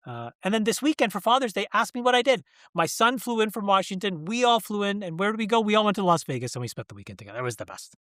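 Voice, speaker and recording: A middle-aged man as an interview guest, talking candidly and emphatically, pressing his point with rhetorical questions and halting when he gets emotional. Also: high-pitched, very animated, bright, forceful tone, no room sound, clean studio sound.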